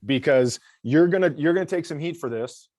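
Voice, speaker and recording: A man's voice: on the high side, brisk, a little mellow, no room sound. A middle-aged male comedian telling a story dryly in casual chat and acting out the people in it. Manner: dry storyteller, acts out the other people in his stories. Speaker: comedian guest.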